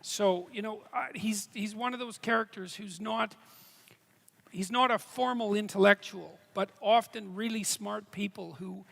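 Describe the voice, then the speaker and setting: A man from Canada answering audience questions on stage, halting and restarting phrases, with dry humor. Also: high-pitched, steady tone, creaky, fairly bright tone. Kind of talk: live Q&A on stage. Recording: live hall with long reverb.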